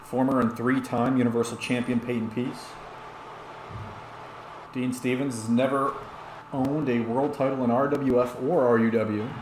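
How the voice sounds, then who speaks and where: Guy a bit drunk doing chatty play-by-play for a wrestling game stream, mid pitch, echoey room. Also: steady tone, moderate pace, long pauses, background noise. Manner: rambling, chatty, talks back to chat comments. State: tipsy. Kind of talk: play-by-play commentary on a video game while reading chat.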